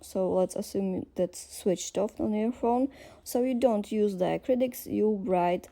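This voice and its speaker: A woman gives a patient language lesson, working through each point step by step. Her voice is very dark and mellow with a gravelly edge. She speaks slowly and pauses often as she explains. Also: medium pitch. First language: Slovak. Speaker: language teacher.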